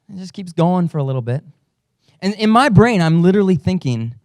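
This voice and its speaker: Pastor, male, fairly high voice, dry close sound, casual sermon with self-deprecating humor. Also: expressive, a little fast, darkish tone, no echo. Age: adult father. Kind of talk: conversational sermon.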